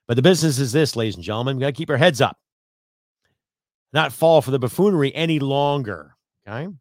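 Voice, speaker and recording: A man's voice: medium pitch, fast, no room sound, studio quality. A man from Canada hosting his own solo podcast, ranting bluntly and profanely at his audience. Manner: blunt, profane, rambling rant. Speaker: podcast host.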